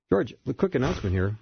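A man's voice: medium pitch, gravelly, lo-fi sound, a little hiss or hum. A man hosting a recovery radio talk show in the studio, with an upbeat announcer delivery.

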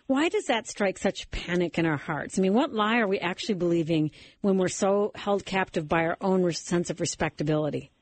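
A woman's voice: fairly low pitch, brisk, hardly any pauses. A woman co-hosting a radio interview, reading a quote aloud and asking questions with easy laughter. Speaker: radio co-host.

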